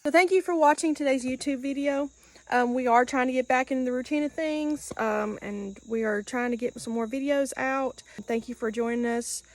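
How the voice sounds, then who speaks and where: Homestead vlog host, woman, raspy creaky tone, dry close sound, loose unscripted sign-off. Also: high voice, no echo. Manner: relaxed, halting, many ums. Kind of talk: casual thank-you to viewers.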